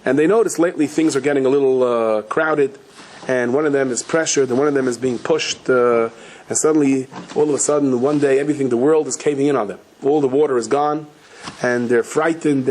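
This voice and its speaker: A man giving a storytelling sermon as a rabbi, speaking. He acts out the quoted voices in his stories with lively pitch jumps and often restarts and corrects himself mid-sentence. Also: brisk, slight background noise. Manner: frequent restarts and self-corrections. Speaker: rabbi giving a Torah talk.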